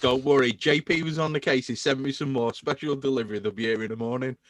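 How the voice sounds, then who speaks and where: A man's voice: mid-range voice, fast, no echo. A man hosting a podcast in casual chat, enthusing about beer. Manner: enthusiastic, animated beer talk. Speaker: podcast host.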